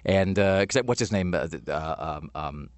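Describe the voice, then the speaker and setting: A man's voice: low-pitched, expressive, normal speed, no echo. A man co-hosting a podcast in casual chat, rambling and joking. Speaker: podcast co-host.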